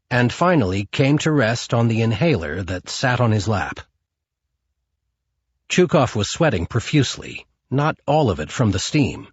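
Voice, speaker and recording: A man's voice: mid-range voice, slightly rough, dry recording, muffled recording. A man narrating a crime novel audiobook in a dramatic storytelling manner. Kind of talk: scripted narration.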